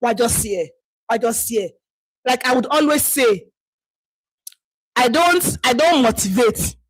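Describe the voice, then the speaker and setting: A woman's voice: on the high side, expressive, a little slow, slightly rough, no echo, rough recording. A woman with a Nigerian accent leading an online community call, talking bluntly and scolding her listeners. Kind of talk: live call talk to members.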